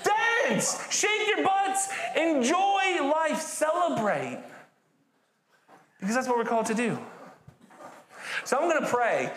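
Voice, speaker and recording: A British man preaching a sermon in a church, with an animated, jokey and encouraging manner. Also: very high-pitched. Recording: echoey church hall.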